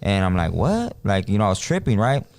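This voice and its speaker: A man's voice: low voice, fast, clear, resonant tone, no echo. A man, co-hosting a podcast and telling a story in a loose, slangy way. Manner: animated storyteller, acts out quoted voices, slangy. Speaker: podcast co-host. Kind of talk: casual storytelling chat.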